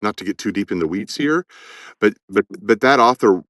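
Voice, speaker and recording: A man with a very low voice speaks as a guest in an interview about his work narrating audiobooks. He is thoughtful and often restarts with repeated words as he builds toward a point. The sound is close and dry, with almost no room echo. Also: animated, moderate pace, a bit bright. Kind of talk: conversational interview.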